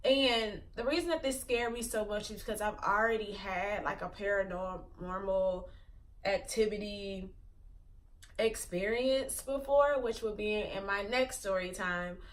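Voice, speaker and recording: A young woman in her twenties vlogging a personal story in a loose, meandering way, leaning on filler words. Her voice sits at an ordinary middle pitch. She sounds a little distant from the microphone. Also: a little slow, slight background noise. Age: 20s. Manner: rambling, filler-heavy retelling with many "like"s. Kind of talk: casual storytelling.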